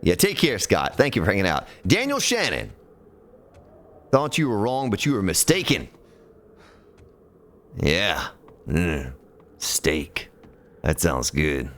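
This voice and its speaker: Slow, lively-voiced man streaming a game. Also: deep voice. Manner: counts aloud while building, chats with viewers, mutters at the game. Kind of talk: casual live-stream gameplay commentary.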